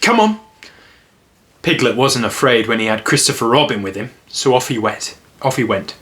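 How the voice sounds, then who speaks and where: A man giving a relaxed storybook reading and then chatting about the story in a gentle, easygoing way with easy laughs. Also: medium pitch, brisk.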